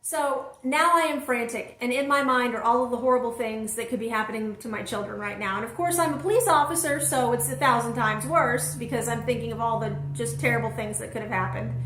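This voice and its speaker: Animated woman storyteller, high voice, roomy sound. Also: fast talker. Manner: animated storyteller who speaks straight to her listeners. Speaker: vlog host and single mother. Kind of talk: personal storytelling to camera.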